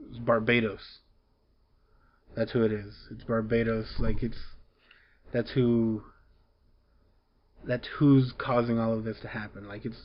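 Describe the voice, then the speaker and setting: A man's voice: mid-range voice, muffled recording, a little hiss or hum. A man casually recapping a comic book story, rambling along with lots of fillers and restarts.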